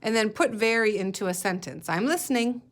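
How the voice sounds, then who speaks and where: A woman's voice: mid-range voice, lively intonation, a little fast. A woman teacher leading a guided reading lesson for young children, patiently sounding out letters and words. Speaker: elementary school teacher.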